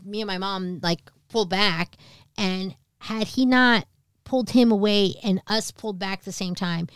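A woman's voice: mid-range voice, clear, resonant tone, no room sound, studio quality. A woman in her thirties casually telling a personal story on a podcast, candid and swearing, acting out the other people in it. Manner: candid, swearing, acts out quoted voices. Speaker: podcast co-host.

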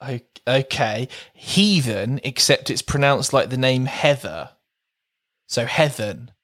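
A man co-hosting a podcast, chatting casually and laughing often as he slowly plays with the sounds of words. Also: mid-range voice, a bit bright, no echo. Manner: playful, laughs often, reads out word jokes slowly. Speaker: podcast co-host. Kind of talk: casual chat.

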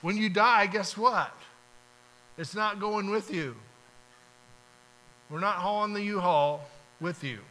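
A man preaches slowly and with frequent pauses, his high voice bright and forceful. As a pastor, he keeps the sermon casual and performs brief prayers and dialogues, captured in low-quality audio.

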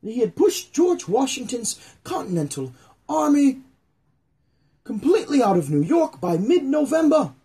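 A man with a fairly high, husky voice hosts a podcast, drifting through history with jokes and tangents. His delivery is loose and rambling, full of puns. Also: sing-song, a little slow, dark tone. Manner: joking, rambling asides and puns. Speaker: podcast host. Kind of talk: casual comedic history chat.

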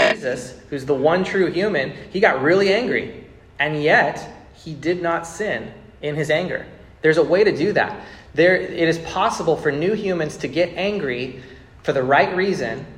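A pastor in his thirties preaches a sermon to a congregation in a church sanctuary, speaking casually, repeating words, and building to emphatic bursts. His voice sits on the high side and is fairly bright, with a roomy sound.

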